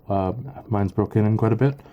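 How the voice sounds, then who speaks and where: Hesitant deep-voiced man. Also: highs cut off, slight background noise. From Canada. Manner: hesitant, halting, full of ums and uhs. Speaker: knife reviewer. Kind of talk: casual product review.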